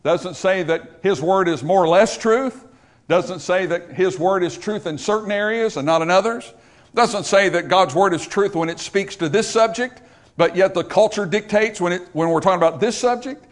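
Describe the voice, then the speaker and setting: A man's voice: high voice, normal speed. A man preaching a sermon as pastor, emphatic, building through repeated rhetorical lines and questions. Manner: emphatic, rising to forceful repetition, rhetorical questions.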